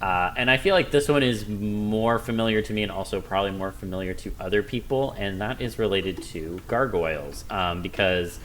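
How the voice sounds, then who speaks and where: A laid-back male podcast host with a somewhat low voice. He guides a casual conversation with loose questions and quick acknowledgments, and there is a faint hiss under his voice. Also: fairly bright tone, poor audio. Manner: laid-back, steering the talk with short interjections and questions. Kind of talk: casual chat.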